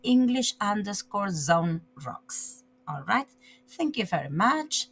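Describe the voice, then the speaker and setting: A woman teaching an English grammar lesson, reading example sentences slowly and stressing the key words. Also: mid-range voice, big pitch swings, creaky, fairly bright tone, slight background noise, poor audio.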